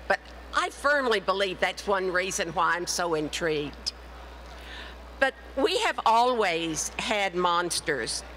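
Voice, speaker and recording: This middle-aged woman, an author and speaker, recounts her story animatedly during a conference session, voicing the people she quotes. Her pitch is medium, and the low-quality recording carries slight background noise.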